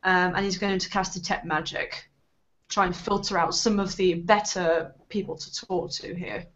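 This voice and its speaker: A woman's voice: lowish voice, steady tone, moderate pace, fairly bright tone, lo-fi sound. A woman chatting as a player in a tabletop game, thinking aloud with fillers. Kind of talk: tabletop role-play chat.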